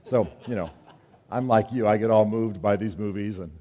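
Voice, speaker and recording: A man's voice: fairly low pitch, normal speed, warm tone. Man speaking in an echoing hall. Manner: conversational, joking, acts out quoted voices. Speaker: speaker at a men's gathering. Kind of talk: talk to a men's group. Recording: long hall reverb.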